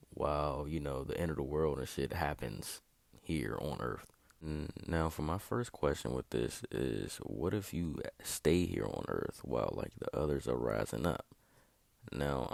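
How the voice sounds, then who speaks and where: A man's voice: rumbling low, gravelly, darkish tone, no room sound. A young man hosting a video, talking in a casual, profane and rambling way that gets worked up at times. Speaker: video host. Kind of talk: casual monologue.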